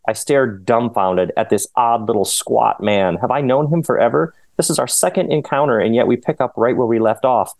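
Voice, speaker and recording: A man reads his own novel aloud with lively expression, at times slipping into a laugh at his own lines. His voice sits at an ordinary middle pitch. The recording is dry and close. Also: moderate pace, gravelly, hardly any pauses, dry recording. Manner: expressive, laughs while reading. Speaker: author guest.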